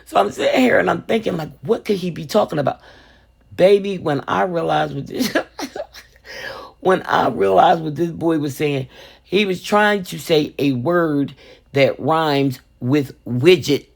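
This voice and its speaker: A woman's voice: low-pitched, measured pace, gravelly. An older woman hosting a crafting vlog, telling a story in a sassy, playful way and calling herself Mama. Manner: sassy, playful, calls viewers baby and sugar, refers to herself as Mama. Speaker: resin crafting video host.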